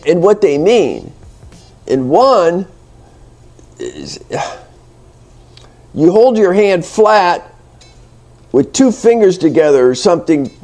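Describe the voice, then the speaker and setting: A fairly high, mellow American male voice leads a casual spoken English lesson on his own channel. He rambles, teases viewers in fun, and keeps restarting with lots of fillers, while faint music runs underneath.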